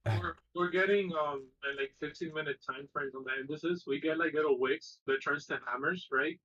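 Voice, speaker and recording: A man co-hosting a live trading stream, talking in an animated, slangy way and swearing freely. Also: fairly high pitch, moderate pace, highs cut off. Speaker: stock trading co-host. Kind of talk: casual live-stream chat.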